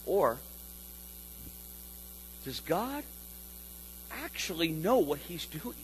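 Male pastor, sermon, animated, high voice, swooping pitch, playful loud bursts. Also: slight background noise, rough recording. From California.

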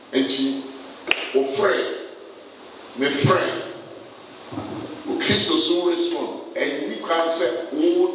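A man's voice: on the high side, a bit bright, slight background noise. A man preaching a sermon, throwing questions at the congregation for them to answer. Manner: call-and-response questions to the congregation. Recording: echoey hall from far off, faint ambience.

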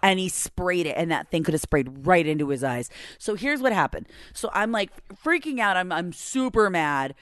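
A woman in her forties co-hosting a podcast, telling a story in a lively way and laughing often. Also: on the low side, moderate pace, few pauses. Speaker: podcast co-host. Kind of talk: casual chat, animated storytelling.

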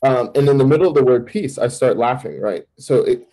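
A man, a campus minister, giving a candid personal testimony in an interview, telling it vividly with sudden jumps in pitch. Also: brisk, hardly any pauses, mellow, rough recording.

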